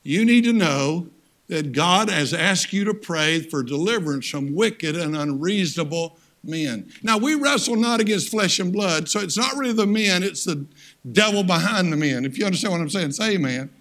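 A man's voice: high-pitched, animated, moderate pace, fairly bright tone. An older man, a missionary and guest preacher, giving a sermon in a plain-spoken, folksy storytelling way with emphatic turns. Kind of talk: sermon with personal stories.

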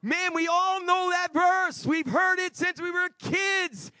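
High-voiced shouting male preacher. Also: steady tone, slow, no room sound, clean studio sound. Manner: emphatic, swings between shouting and quiet asides. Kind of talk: sermon. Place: church before a congregation.

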